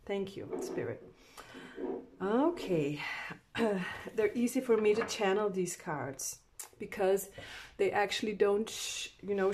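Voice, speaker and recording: A woman's voice: mid-range voice, darkish tone, slight background noise. A woman doing a casual tarot reading to camera, chatty, with many fillers and restarts and frequent laughs. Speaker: tarot card reader.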